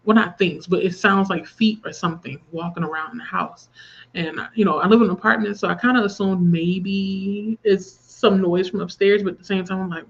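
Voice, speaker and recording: A woman's voice: medium pitch, steady tone, a little fast, highs cut off. A woman in her thirties hosting a livestream, chatting openly about grief and reading viewer comments aloud. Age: 30s. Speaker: livestream host. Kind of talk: casual livestream chat.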